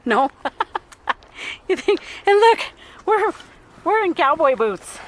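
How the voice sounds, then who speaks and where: A woman's voice: very high voice, sing-song, takes it slowly, low-quality recording. A young woman vlogging a family walk on an outdoor trail, chatty and laughing, a bit out of breath. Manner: chatty, laughing often, cooing at her toddler. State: out of breath from walking. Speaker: vlogger mom. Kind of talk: casual family vlog narration.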